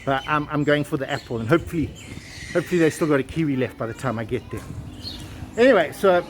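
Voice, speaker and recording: A man's voice: on the high side, expressive, fast. A man telling a folk tale while walking a town street, chatty and full of asides. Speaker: travel vlogger. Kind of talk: casual walking vlog and storytelling. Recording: outdoor street with passing cars. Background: traffic.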